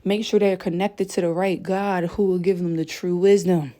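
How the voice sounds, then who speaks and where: A woman preaches to her viewers with a mellow, dark tone. She is emphatic and a bit breathless from pacing as she talks. She keeps checking in with the listener through "okay?" and "y'all". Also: fairly low pitch, steady tone, moderate pace. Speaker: spiritual content creator. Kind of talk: impassioned spiritual message to viewers. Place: indoors at home, late at night.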